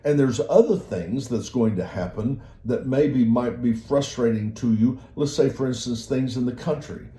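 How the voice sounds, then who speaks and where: A man's voice: mid-range voice, normal speed, few pauses, dark tone, reverberant. A man giving a motivational talk in an earnest, repetitive way, often restarting his sentences. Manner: earnest, repeats words and restarts. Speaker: motivational speaker.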